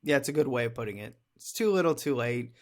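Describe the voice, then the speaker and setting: A man in his thirties talks through a movie review on a podcast at a mid-range pitch. He rambles loosely and pokes fun at himself now and then. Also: animated, quick pace. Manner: chatty, rambling, self-deprecating. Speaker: podcast co-host. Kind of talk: casual movie review chat.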